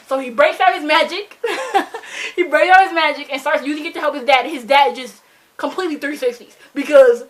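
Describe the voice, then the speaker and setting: A young woman from Michigan, a book vlogger, casually rambling through a book review with animated, dramatic plot retelling and lots of fillers, recorded on a camera mic. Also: high voice, fairly quick. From Michigan, USA.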